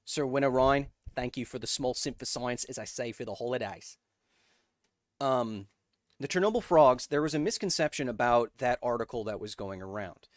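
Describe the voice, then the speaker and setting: A man hosting a science livestream, chatting casually and reading out viewer donations in an upbeat, joking way with bursts of excitement. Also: medium pitch, no echo, clean studio sound. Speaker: science YouTuber host.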